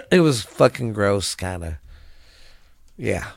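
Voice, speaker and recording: A worn-out man with a drawl runs his own podcast, rambling loosely and crudely. His voice sits a bit low and drags along slowly. The sound is dry and close, with no room around it. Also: big pitch swings, gravelly, dry recording. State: tired. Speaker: podcast host. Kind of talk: casual solo podcast chat.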